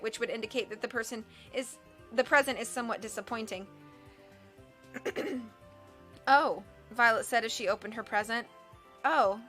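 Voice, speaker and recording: A woman reads a novel aloud on a livestream in a high, bright voice. Her storytelling is expressive and wry, and she leans into the narrator's asides. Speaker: audiobook reader.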